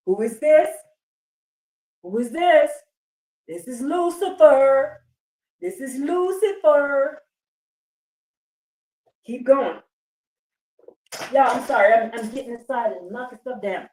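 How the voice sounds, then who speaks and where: A woman's voice: high-pitched, expressive, slow pace, long pauses, darkish tone, reverberant, far from the mic, low-quality recording. A woman on a live stream, reading a text aloud and preaching to her viewers in a fervent, emphatic way.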